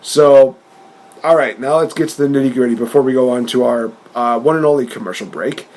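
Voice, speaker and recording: A man's voice: mid-range voice, fairly quick, a little mellow. A man co-hosting a podcast in casual chat, retelling events animatedly and often laughing. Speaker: podcast co-host.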